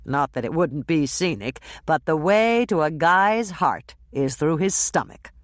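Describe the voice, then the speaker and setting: A woman voicing a calm, easygoing man who speaks slowly and soothingly. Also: sits low, no echo, studio quality. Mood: reassuring.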